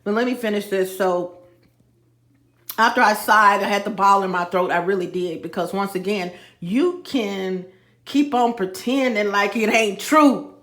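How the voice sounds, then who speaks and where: A woman's voice: medium pitch, unhurried, fairly bright tone. Emphatic woman vlogger in an echoey room. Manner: emphatic, repeats phrases, addresses viewers as y'all. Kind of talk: casual spoken monologue to viewers.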